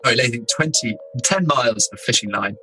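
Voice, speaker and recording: A young man from England, an explorer, telling his own story in a casual, animated way, laughing as he goes. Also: medium pitch, faint music behind, low-quality recording. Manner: animated, laughing, doing quick impressions of people.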